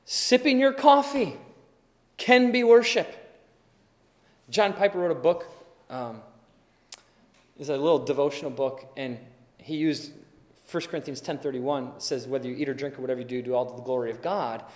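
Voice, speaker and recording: A pastor giving a sermon in a relaxed, conversational way, acting out little everyday scenes as he goes. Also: mid-range voice, normal speed, pauses often. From Wisconsin, USA. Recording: long hall reverb.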